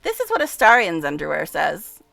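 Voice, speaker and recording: A woman streamer talks casually over a game she is playing, giggly and chatty. Her voice is bright and fairly high with lots of up-and-down movement, a gravelly fry creeps in, and the sound is dry. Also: wildly swooping pitch, fairly quick, soft background music, poor audio. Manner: chatty and giggly, with hushed asides. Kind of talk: casual gameplay commentary.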